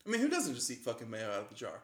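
A man co-hosting a casual chat, crude and quick with jokes. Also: medium pitch, wildly swooping pitch. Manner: crude, joking, quick banter. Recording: echoey room, faint noise.

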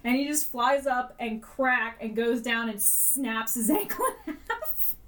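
A woman's voice: fairly high pitch, unhurried, fairly bright tone, far from the mic. A woman co-hosting a podcast in casual chat, retelling scenes animatedly with frequent laughter and casual swearing. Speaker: podcast co-host.

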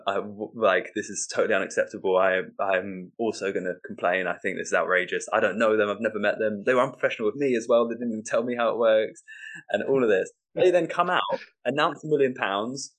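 A man with a fairly low voice tells a comic story from his stand-up life. He is animated, slips into other people's voices and laughs often. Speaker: stand-up comedian guest. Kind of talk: casual storytelling.

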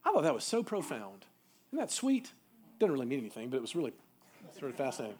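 A man's voice: medium pitch, big pitch swings, fast talker, darkish tone, slightly rough. A man teaching a seminar to youth ministry workers, asking the room questions and adding folksy asides.

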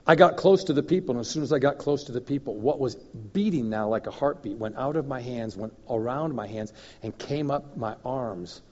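Guy preaching, telling stories, laughing, doing little boom noises, muffled recording, big echoey church hall. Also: normal speed, few pauses. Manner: animated storyteller, chuckles, mouth sound effects. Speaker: guest minister. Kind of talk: sermon with personal storytelling.

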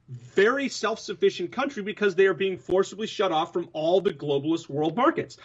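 A man's voice: high voice, fairly bright tone, breathy edge, highs cut off. A man co-hosting a political talk show who lays out a long, emphatic argument. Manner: emphatic, building an argument at length. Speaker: co-host.

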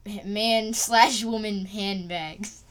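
A woman's voice: medium pitch, fairly even intonation, slow. A woman co-hosting a podcast who reads out segments and sponsor lines and laughs often between them. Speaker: podcast co-host. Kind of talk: scripted podcast segments with playful banter.

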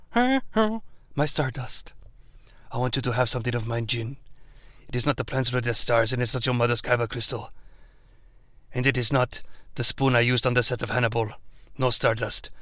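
A man voicing a wistful male mentor who murmurs slowly in a low, breathy near-whisper. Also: little pitch movement, fairly bright tone, no room sound, natural voice. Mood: mock tender.

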